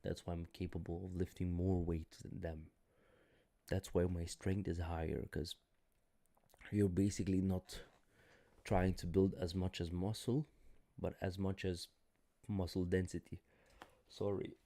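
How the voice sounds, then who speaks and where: A man with a very low, gravelly voice, cracking and hoarse. He talks on a live stream in a blunt, rambling way, correcting himself as he goes. He sounds tired. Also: level tone, a little slow, long pauses, mellow. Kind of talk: casual live-stream talk.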